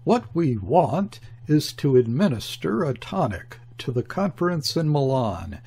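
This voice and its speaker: A man reading the part of a scornful foreign diplomat who speaks with soft brutality, in a gravelly, husky voice. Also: fairly high pitch, big pitch swings, a little slow, full character voice. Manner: brutal, airy, ferocious. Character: scornful foreign diplomat, male, middle-aged. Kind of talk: audiobook character reading.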